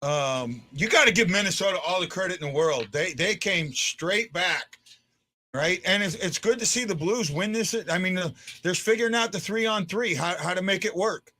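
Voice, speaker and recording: A man hosting a casual fan post-game chat, his voice a little higher than most men's and very bright. He stumbles and restarts his words often as he talks things through, moving between disbelief and excitement. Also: moderate pace. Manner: swings from stunned to excited.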